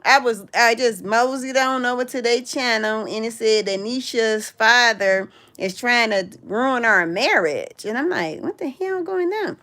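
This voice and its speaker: A middle-aged woman talks to her livestream audience in a loose, chatty way, with a voice set a bit high for a woman. She calls out viewers' hometowns with lively jumps in pitch. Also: unhurried, few pauses. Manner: chatty, reads out viewers' locations, calls out "in the house". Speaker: livestream host. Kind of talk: casual livestream chat.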